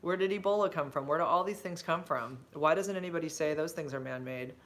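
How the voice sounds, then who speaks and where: A woman talks into her phone on a casual livestream, drifting between stories and viewer comments. She rambles, loses her thread, and fills the gaps with ums and likes. When something delights her, her voice leaps up in bright, gushing bursts. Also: low-pitched, quick pace. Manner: rambling and chatty, full of fillers and side-tracks; effusive, with big bright jumps when excited. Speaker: livestreaming vlogger and substitute teacher.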